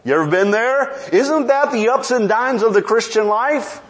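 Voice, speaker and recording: A man preaching a sermon in an animated way, asking the congregation questions and chuckling as he goes. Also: very high-pitched, normal speed.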